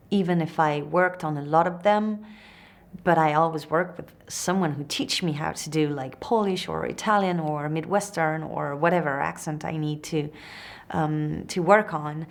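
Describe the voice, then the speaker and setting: French actress in an interview, low voice, unhurried and hesitant, searching for her English words. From France. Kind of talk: interview answers.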